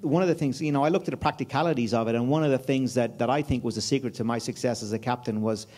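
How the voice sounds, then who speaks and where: A man's voice: mid-range voice, fast talker, a little mellow. An Irish man in his fifties telling a story as a guest at a conference, chatty, with many fillers and restarts. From Ireland. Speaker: guest speaker. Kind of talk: anecdotal conference chat. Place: conference room before an audience.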